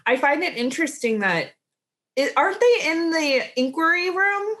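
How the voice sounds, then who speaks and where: A woman's voice: sits high, lively intonation, normal speed, fairly bright tone. A woman co-hosting a podcast in casual chat, talking in a chatty way with lots of "like" and restarts. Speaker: podcast co-host.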